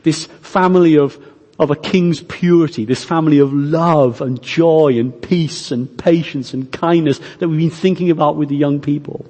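A man preaching a sermon, earnest and emphatic, speaking directly to his congregation with slow, stressed phrases. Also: on the high side, darkish tone, long reverb tail.

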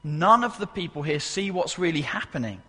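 A man's voice: fairly high pitch, animated, normal speed, sharp tone, husky, big-room sound. A man preaching a sermon in a church service, emphatic, repeating key phrases and asking the congregation questions. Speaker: pastor.

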